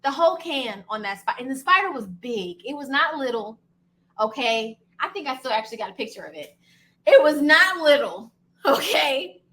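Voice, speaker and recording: A woman from Brooklyn, a homebuying educator, telling animated, slangy stories straight to her viewers. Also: on the high side, a little fast. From Brooklyn, New York. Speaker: homebuying educator and channel host. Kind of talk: casual storytelling to camera.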